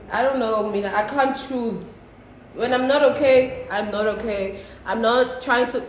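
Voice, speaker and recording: A woman's voice: a little high, echoey room, a little hiss or hum, poor audio. A South African woman chatting casually on a phone livestream, switching between languages and swearing freely.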